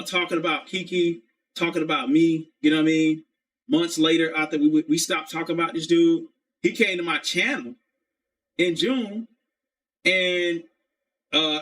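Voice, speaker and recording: A man's voice: on the high side, a bit bright. Rambling, profane man with a raised voice. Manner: rambling, profane, keeps saying "you know what I'm saying". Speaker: live streamer. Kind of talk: casual rant on a stream.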